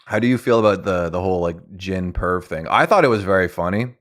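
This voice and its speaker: Deep-voiced laid-back young man hosting. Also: lively intonation, a little fast. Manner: laid-back, rambling, frequent "like". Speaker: stream host. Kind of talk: casual streamed interview.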